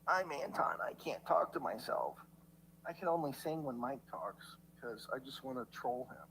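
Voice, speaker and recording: A man in mid-range pitch rambles through a rant, stammering and restarting his sentences. He swears constantly and drifts between complaint and half-formed philosophy. A faint hum sits under his voice. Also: animated, moderate pace, a bit bright, low-quality recording. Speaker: livestreamer in played clips.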